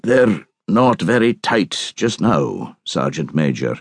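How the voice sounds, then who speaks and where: A man playing a shy, awkward bank agent who speaks haltingly and gloomily. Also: low voice, sing-song, exaggerated voice. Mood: gloomy.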